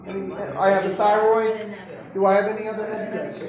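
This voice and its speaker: A doctor giving an informal medical lecture to an audience, talking conversationally, joking and putting questions to the listeners. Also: male voice, high voice, level tone, moderate pace. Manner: conversational, jokey, keeps asking the audience questions. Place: lecture room. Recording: roomy echo with faint background noise.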